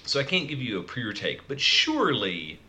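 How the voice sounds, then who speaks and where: A man in casual movie chat, sharing trivia in a dry, unhurried way. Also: mid-range voice, sing-song, sharp tone. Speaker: podcast co-host.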